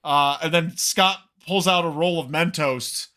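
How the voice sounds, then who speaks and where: A man co-hosting a casual wrestling recap podcast, animated and swearing freely as he acts out what people said. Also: fairly high pitch, unhurried. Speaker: podcast co-host.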